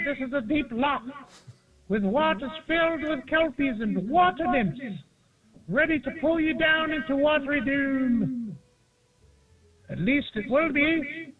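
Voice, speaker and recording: A cheerful old gnome with a very high, squeaky voice. He spins his warnings in a theatrical, old-fashioned storyteller's way. The sound is thin and tinny, like a phone line. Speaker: gamer on voice chat.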